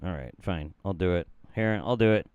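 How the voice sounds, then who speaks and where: A man's voice: deep voice, normal speed, a little mellow, clear, resonant tone, dry recording. A man hosting a show of reaction clips, joking in a profane, playful and exaggerated way as he comments. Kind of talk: casual comedic commentary.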